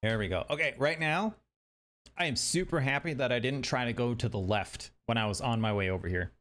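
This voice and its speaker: A man's voice: medium pitch, quick pace, a bit bright. A man streaming a video game, chatting casually and thinking aloud as he plays. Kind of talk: casual gameplay commentary.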